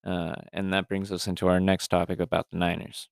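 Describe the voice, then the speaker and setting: A man's voice: deep voice, monotone, fairly quick, creaky, no room sound, clean studio sound. A young man co-hosting a sports podcast, ranting emphatically with fillers. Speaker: podcast co-host. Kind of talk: casual sports chat.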